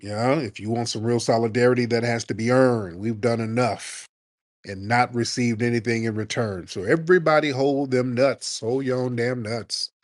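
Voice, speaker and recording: A man hosting a live call-in comedy talk show, brash and mocking, roasting his callers with loud animated energy. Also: medium pitch, moderate pace, dry recording, clean studio sound. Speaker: radio show host.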